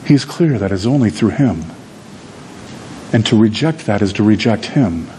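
A man preaching a sermon, telling a story in a conversational, animated way with frequent repeated words. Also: fairly low pitch, moderate pace, a little hiss or hum. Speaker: pastor.

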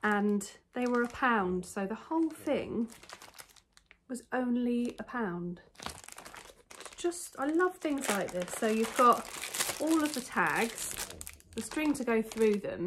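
A woman's voice: on the high side, lively intonation, unhurried, a little hiss or hum. Chatty woman rambling through a haul. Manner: rambling, self-interrupting, talks to viewers. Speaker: vlogger showing a haul. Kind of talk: casual chatty haul vlog. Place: home, indoors. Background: faint dog snoring.

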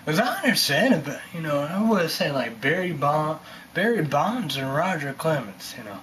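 A man rambles through a casual monologue, looping back on his own points with constant fillers. His voice sits a little higher than most men's, and a faint hum of room noise runs underneath. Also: sing-song, normal speed, a bit bright. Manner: rambling, repeats himself, many fillers. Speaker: vlogger ranting on camera.

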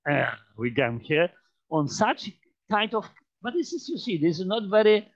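Halting high-voiced lecturer with Polish accent. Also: male voice, very animated. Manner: halting, many fillers and restarts, repeats phrases. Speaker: mathematics lecturer. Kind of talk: informal lecture demonstrating on a computer. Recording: dull lo-fi sound.

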